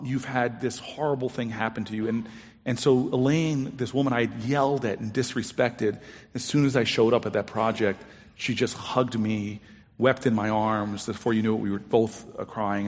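A man's voice: on the low side, steady tone, moderate pace, a little mellow. A man telling a personal story to an audience, acting out the quoted dialogue with big jumps in his voice. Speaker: storyteller on stage. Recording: long hall reverb.

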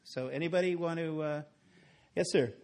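Male moderator, practical and brisk, voice a little high. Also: darkish tone. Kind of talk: hosting a talk.

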